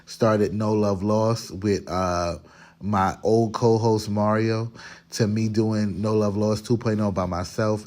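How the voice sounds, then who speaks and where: A man's voice: on the low side, darkish tone. A man hosting a casual cooking vlog from his home kitchen, talking straight to viewers in a chatty way, recorded on a phone camera while he cooks. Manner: chatty, talks straight to viewers, restarts sentences. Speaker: podcast host cooking for family.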